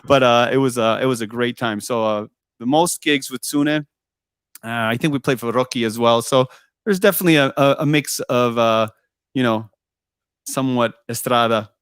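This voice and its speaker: At a normal speed and medium pitch, a man with a clean tone tells a musician's road stories in a casual interview, recorded at studio quality with no room sound. His animated anecdotes come with frequent laughs, acted-out exchanges, and many uses of "I go."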